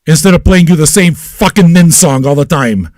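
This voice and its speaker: A man hosting an independent online radio show, ranting crudely and loudly at his listeners and repeating himself as he goes. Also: on the high side, animated, moderate pace, dry recording, studio quality. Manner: loud, manic and crude, with yelling and repetition; talks straight at listeners with repeated questions. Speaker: internet radio host. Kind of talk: profane ranting monologue.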